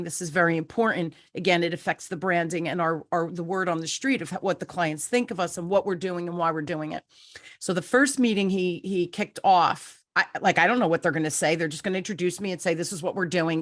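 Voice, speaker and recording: A middle-aged woman who hosts a business podcast, telling a client story in a casual, animated way and acting out the quotes. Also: lowish voice. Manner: animated storyteller, quick asides, acts out quotes. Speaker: podcast host and business owner.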